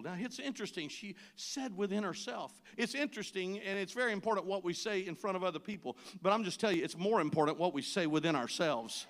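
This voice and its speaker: Guy preaching in church, real high pitched and sharp sounding, tells a story then gets loud and pleading. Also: quick pace, few pauses. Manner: storytelling that builds to shouted pleading. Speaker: pastor. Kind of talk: sermon.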